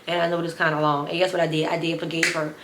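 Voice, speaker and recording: A woman in her twenties telling a storytime vlog to her viewers, sassy and animated. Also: low voice, racing, noisy background. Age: 20s. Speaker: vlogger. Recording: roomy echo.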